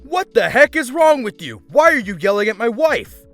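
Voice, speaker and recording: A man voicing a belligerent, hot-tempered middle-aged husband who shouts every line. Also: very high voice, sing-song, moderate pace, faint music behind, voice pushed up, full character voice. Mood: shouting angry.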